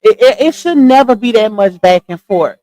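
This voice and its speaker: A woman's voice: a little high, normal speed, no echo, poor audio. Chatty middle-aged woman streamer. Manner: chatty, animated, addresses viewers as y'all and child. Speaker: live stream host. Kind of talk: casual chat commentary.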